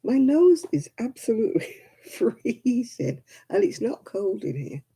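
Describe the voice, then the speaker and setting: This woman's voice is fairly high, husky, and dark, with vocal fry, and she sounds very animated though a little slow. She crochets at home during a livestream, rambling casually and murmuring stitch counts to herself.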